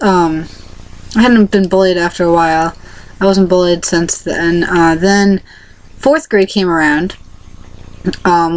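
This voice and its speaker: A woman's voice: lowish voice, low-quality recording. A young woman vlogger telling a personal story casually to camera, rambling with many fillers and restarts.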